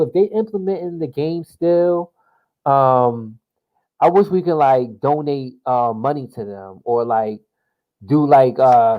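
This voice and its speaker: A man's voice: mid-range voice, dull audio. A young man from New Jersey, chatting loosely to himself while he plays a political simulation game and swearing casually. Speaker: gamer playing a political simulation. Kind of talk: casual gameplay commentary.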